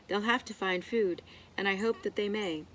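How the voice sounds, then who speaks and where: A woman reading a rhyming picture book aloud in an expressive, rhythmic way. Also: mid-range voice, normal speed, a little hiss or hum. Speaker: storybook reader.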